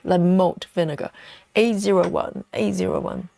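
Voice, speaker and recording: A woman's voice: fairly low pitch, fairly even intonation, normal speed, gravelly, dark tone, dry recording, studio quality. A woman hosting a casual live stream, chatting and giggling as she reads viewer comments aloud. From United Kingdom.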